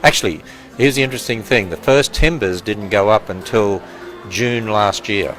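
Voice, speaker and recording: A ministry president in his sixties with an Australian accent gives a casual tour through a building and outdoors, chatting with visitors and often joking and laughing. His voice is on the low side and a bit bright, at normal speed. Soft music plays behind a low-quality recording.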